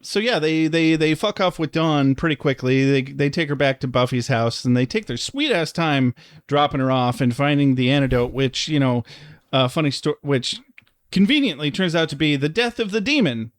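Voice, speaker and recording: A man's voice: fairly high pitch, expressive, normal speed, no room sound. A man co-hosting a podcast, chatting casually about a TV episode, joking and swearing freely. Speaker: podcast co-host. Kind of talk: casual chat.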